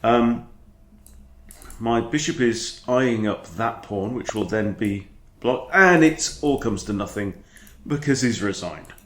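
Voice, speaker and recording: A man, a chess coach talking through his own game in a chatty, animated way. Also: lowish voice, takes it slowly, slight background noise. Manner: chatty, animated, breaks off to scold his dog. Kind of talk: casual game commentary. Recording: echoey room.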